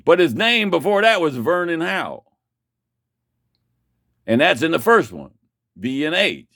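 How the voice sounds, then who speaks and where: A man's voice: fairly high pitch, big pitch swings, unhurried, a bit bright, no room sound, clean studio sound. Rambling, profane storytelling man. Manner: profane, rambling, restarts a lot.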